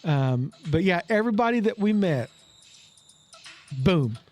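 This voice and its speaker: High-voiced Oklahoma man telling stories. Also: sing-song, unhurried, a little mellow. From Tulsa, Oklahoma. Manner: chatty storyteller, eager and folksy. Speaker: podcast co-host. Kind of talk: casual chat.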